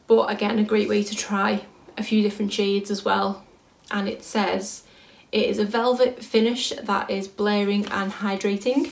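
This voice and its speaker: A young British woman chatting casually through a beauty haul, thinking aloud as she works out prices. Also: mid-range voice. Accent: British English. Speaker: beauty vlogger. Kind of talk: casual product haul chat. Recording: echoey room.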